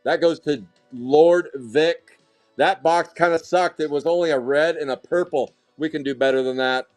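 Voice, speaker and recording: A man hosting a live card break, calling out hits in a hyped, rapid, joking way while out of breath. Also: a little high, soft background music.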